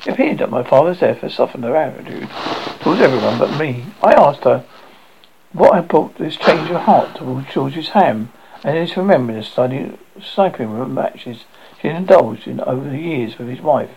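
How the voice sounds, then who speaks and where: Gravelly man reading a wry memoir. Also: medium pitch, lively intonation, normal speed, highs cut off, a little hiss or hum. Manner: wry, self-mocking. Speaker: narrator.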